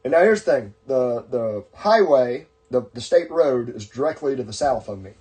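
A man's voice: medium pitch, lively intonation, normal speed, darkish tone. Rambling man telling a long story. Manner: rambling, with many fillers and restarts. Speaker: podcast host. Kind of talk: casual storytelling chat.

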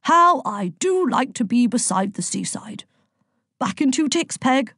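A woman's voice: high-pitched, very animated, a little slow, fairly bright tone, slightly rough, dry recording, clean studio sound, voice pushed up, heavily acted. A woman voicing a chatty, jovial older male god who rambles and teases, in an audiobook. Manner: hearty, rambling, teasing. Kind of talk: audiobook character voice.

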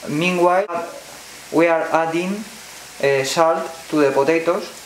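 Slow Spanish-accented man teaching a recipe. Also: a little high, slight background noise. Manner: slow, careful, non-native phrasing with fillers. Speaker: cooking channel host. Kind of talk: step-by-step cooking demonstration. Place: home kitchen. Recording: echoey kitchen with sizzling pan.

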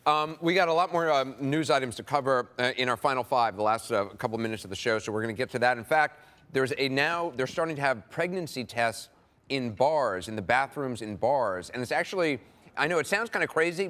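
A man hosting a daytime talk show, speaking in a halting way and often repeating words as he searches for them. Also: mid-range voice, lively intonation, fairly bright tone. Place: TV studio with audience.

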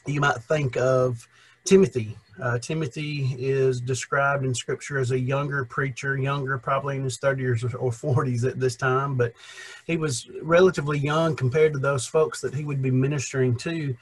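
A young male minister with a husky, slightly breathy voice at an ordinary pitch. He talks through the lesson casually, circling back and restarting as he gathers his thoughts. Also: steady tone, normal speed, low-quality recording. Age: young adult. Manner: rambling, many restarts, chuckles. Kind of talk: conversational Bible lesson.

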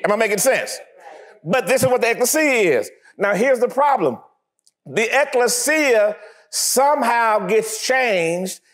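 A man preaching a sermon, acting out little scenes with laughter and sudden shouts. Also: extremely high pitch. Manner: animated, acts out scenes, laughs often. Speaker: pastor.

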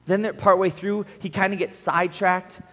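A man's voice: sits high, little pitch movement, moderate pace, fairly bright tone. A young man giving a casual, conversational sermon at a camp, earnest and often checking in with the room. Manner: earnest, acts out prayers in quoted voices, asks the room "right?". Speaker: camp speaker. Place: large meeting hall at a camp. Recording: long hall reverb.

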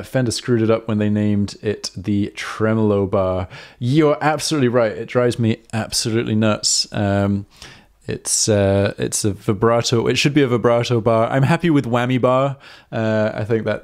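Relaxed male harmonica teacher on a live stream, fairly low voice, lots of ums. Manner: chatty and self-correcting, with many ums and uhs.

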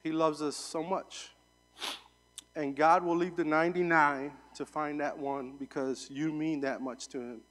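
A young man delivers a sermon as a guest speaker, chatting through a personal story with plenty of ums and restarts. His voice sits a bit high. The sound rings out with the long reverb of a large hall. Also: fairly even intonation, unhurried, fairly bright tone. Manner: conversational storytelling with fillers. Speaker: guest preacher.

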